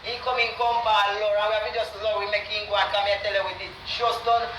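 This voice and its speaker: A woman's voice: medium pitch, flat delivery, fast talker. A Jamaican woman in an angry, insulting rant, cursing and repeating herself. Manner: cursing, repetitive, heated. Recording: distant echoey noisy live-stream audio.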